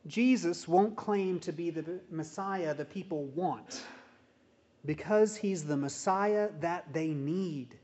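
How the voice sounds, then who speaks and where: A man preaching a sermon as a pastor, in a measured, deliberate way with emphatic pauses. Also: on the high side, dark tone. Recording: dull, muffled sound.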